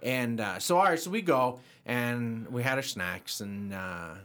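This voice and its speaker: Animated man telling a story. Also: unhurried. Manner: animated, voice jumps high when quoting himself. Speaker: podcast co-host. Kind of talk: casual storytelling chat.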